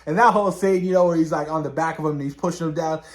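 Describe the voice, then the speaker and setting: A man's voice: a little high, racing. A man chatting casually about a film he loved, rambling with fillers, swearing freely and getting carried away. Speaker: film reviewer. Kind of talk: casual spoiler review chat.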